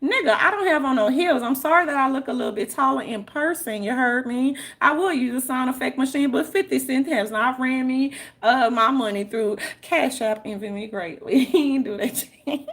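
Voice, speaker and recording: A woman's voice: sits high, normal speed, few pauses, fairly bright tone. A young woman vlogger rambling to her viewers in a profane, slang-heavy monologue, laughing often.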